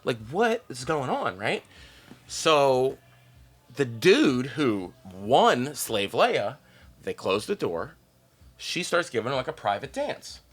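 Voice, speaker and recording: Male comic, raunchy excitable storyteller, lively swooping delivery. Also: mid-range voice, slow. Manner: profane, excitable, peppers story with "like" and "okay?". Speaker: stand-up comedian guest. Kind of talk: podcast storytelling.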